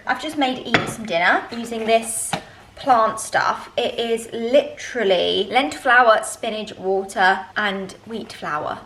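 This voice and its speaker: A woman's voice: on the high side, noisy background. A young woman, chatting casually and self-deprecatingly in a home vlog. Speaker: vlogger.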